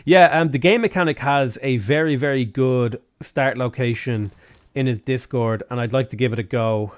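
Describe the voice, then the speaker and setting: A man's voice: medium pitch, normal speed. A man with a Dublin Irish accent giving chatty live gameplay commentary, swearing freely with bursts of exasperation. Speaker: game streamer.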